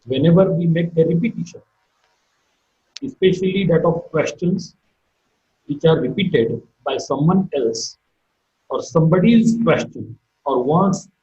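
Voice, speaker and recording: A man gives a recorded online phonetics lecture, talking deliberately and repeating key terms as he explains each point. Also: fairly high pitch, mellow. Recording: echoey room, dull lo-fi sound.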